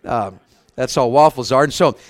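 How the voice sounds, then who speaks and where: A man with a mid-range voice preaches a revival sermon at a moderate pace. Folksy and conversational, he tells humorous stories and calls out to the congregation for amens.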